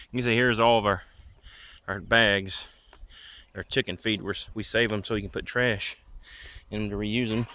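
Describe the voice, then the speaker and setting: A man's voice: on the low side, fairly even intonation, a little slow, bright, forceful tone. A man casually showing viewers around his rural property at night in an easygoing, rambling vlog, recorded outdoors on a handheld camera. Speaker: vlogger. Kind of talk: casual walking tour vlog.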